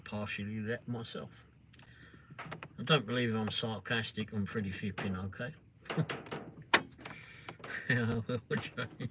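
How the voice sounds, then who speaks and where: A man's voice: lowish voice, fairly even intonation, slow, pauses often. A middle-aged English man hosting a live stream, chatting casually and sarcastically with viewers and teasing trolls. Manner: sarcastic, swears and teases trolls. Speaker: livestream host. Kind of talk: casual chat replying to live comments. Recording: noisy live stream audio.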